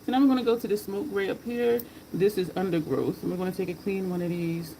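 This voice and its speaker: A woman's voice: mid-range voice, fast talker, dark tone, slight background noise, rough recording. A woman chatting casually while she does her makeup, rambling from story to story, laughing and cursing freely. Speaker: makeup vlogger.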